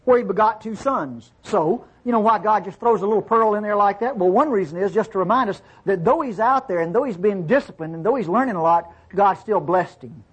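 A man teaching from the Bible in a relaxed, conversational way. He reads verses aloud, explains them, and keeps checking in with his listeners. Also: high-pitched, brisk, hardly any pauses, breathy edge, muffled recording.

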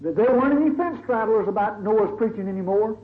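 A man's voice: sits high, animated, quick pace. A male preacher giving a sermon in a dramatic, conversational storytelling manner. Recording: tinny phone-like recording, faint hiss.

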